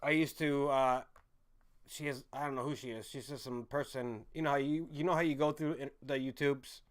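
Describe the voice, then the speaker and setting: A man's voice: mid-range voice, steady tone, normal speed. Rambling apologetic young man streamer. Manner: rambling, repeats himself, apologetic. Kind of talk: casual rambling chat.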